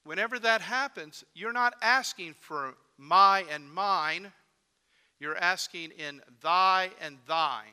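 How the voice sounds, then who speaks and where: A man's voice: on the high side, sharp tone, clean tone. A man preaching a sermon as pastor, emphatic and repeating key phrases with rising force. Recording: long reverb of a large church hall.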